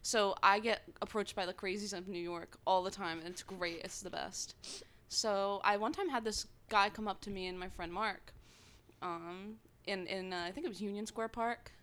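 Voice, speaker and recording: A woman's voice: medium pitch, normal speed. Young woman telling slangy stories. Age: young adult. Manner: animated, laughing, slangy storyteller. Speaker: podcast guest. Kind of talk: casual storytelling.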